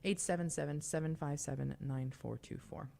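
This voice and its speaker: A woman's voice: low voice, fairly even intonation, normal speed, creaky, dark tone, a little hiss or hum. A young woman hosting a call-in radio show, talking in a chatty, confiding way with fillers and asides. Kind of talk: casual call-in radio talk.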